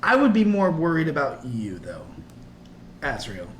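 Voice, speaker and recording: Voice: mid-range voice, wildly swooping pitch, unhurried. Teasing game master in an echoey room. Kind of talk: narrating a tabletop game. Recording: echoey room with background noise.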